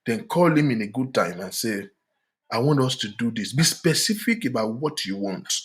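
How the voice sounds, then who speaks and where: A man's voice: mid-range voice, sing-song, moderate pace. A middle-aged man, hosting a frank relationship talk with an emphatic, preachy manner and bits of Yoruba. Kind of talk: frank relationship advice monologue.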